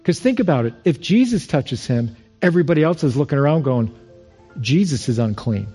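A man's voice: a little high, big pitch swings, fast, warm tone, faint music behind. A male pastor preaching a sermon in an earnest, storytelling manner with repeated phrases.

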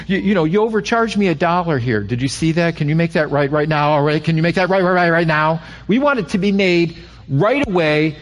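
A middle-aged man preaching a sermon as a pastor, animated, acting out little scenes and often repeating his words. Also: fairly high pitch.

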